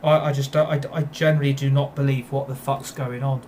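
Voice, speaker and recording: A man's voice: mid-range voice, level tone, brisk, a little mellow, a little hiss or hum. A man angrily ranting about a video game, repeating himself and swearing. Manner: furious, repetitive, swearing. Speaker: gaming YouTuber. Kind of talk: angry gameplay rant.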